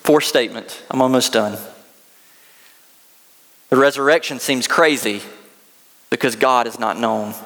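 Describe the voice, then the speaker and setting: A man's voice: medium pitch, unhurried, pauses often, fairly bright tone, big-room sound. A man preaching a sermon, telling stories earnestly with casual asides. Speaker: pastor.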